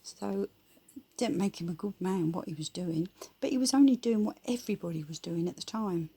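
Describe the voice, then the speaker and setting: A woman's voice: medium pitch, lively intonation, brisk, dark tone, husky. A woman giving her blunt, rambling opinions in casual, colloquial talk.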